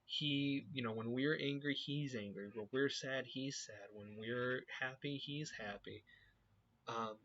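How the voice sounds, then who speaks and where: A man leading a youth group, talking earnestly about his faith and often pausing to search for words. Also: medium pitch, a bit bright. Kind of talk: personal faith reflection to camera. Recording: dull lo-fi recording.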